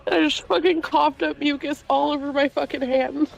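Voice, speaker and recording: A woman playing a tabletop game over voice chat, talking in a slow, blunt drawl. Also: sits high, steady tone, creaky, highs cut off, soft background music. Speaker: player.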